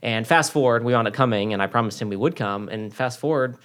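Fast-talking man telling a personal story. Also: medium pitch, a bit bright. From Florida. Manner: earnest, restarts phrases and repeats words. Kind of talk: personal storytelling in casual chat.

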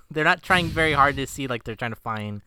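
A man's voice: medium pitch, lively intonation, normal speed, bright, forceful tone, smooth. A man co-hosting a casual movie-review chat, summarizing the plot in a laid-back, wry way. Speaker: podcast co-host.

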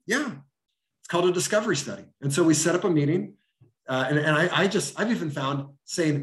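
Man, pastor type, slightly high voice, earnest and animated, echoey room. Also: quick pace. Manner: earnest, animated, acts out dialogue. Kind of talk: interview answers, storytelling. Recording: roomy echo.

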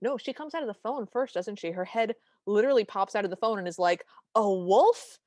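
A woman's voice: mid-range voice, animated, quick pace, a little mellow, dry recording, studio quality. Wry chatty woman podcast host. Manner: wry, chatty, detailed recaps. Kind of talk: casual chat.

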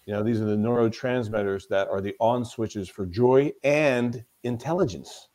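A man's voice: mid-range voice, moderate pace, warm tone. A man speaking as a guest in a conversational podcast interview. He talks as a mental toughness coach, telling stories with emphasis and often repeating himself.

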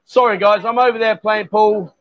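A man's voice: high voice, steady tone, moderate pace. Upbeat man cheering on pool players. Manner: cheery, coaxing, says "sweetheart" and "darling" a lot. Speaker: host. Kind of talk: casual live stream chat. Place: bar with a pool table. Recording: muffled, noisy bar live stream.

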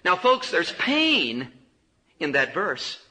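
Male preacher, high voice, very bright, lively swings, impassioned sermon. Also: takes it slowly, rough recording. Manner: impassioned, swings from loud cries to hushed low lines.

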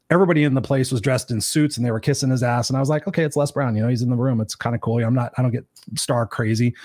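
Man, quick storyteller, casual chat, animated, dry close sound. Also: medium pitch, dry recording. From Southern California. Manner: animated, acts out quoted voices. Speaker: host.

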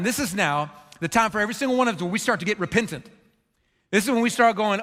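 Earnest pastor giving a sermon, a man with a high voice, in a reverberant hall. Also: fast. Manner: earnest, animated storytelling, acts out quotes.

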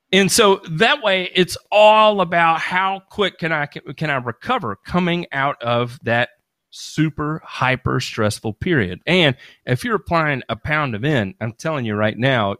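A man's voice: mid-range voice, fairly bright tone, no room sound. Rambling man explaining in a dry room. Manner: rambling, restarts a lot, hands-on explainer. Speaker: podcast host. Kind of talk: casual expert chat.

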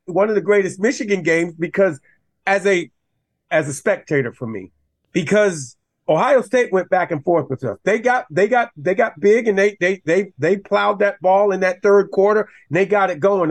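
A former college running back appears as a guest for casual football talk. His fairly high voice keeps a normal pace but gets passionate and animated, climbing higher when he gets riled up.

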